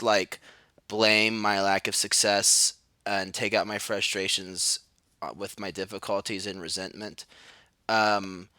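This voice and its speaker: A man's voice: lowish voice, clear, resonant tone, no room sound. A man, rambling through a solo podcast monologue, sardonic and self-mocking. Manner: sardonic, self-mocking, shouts mock cries. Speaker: podcast host.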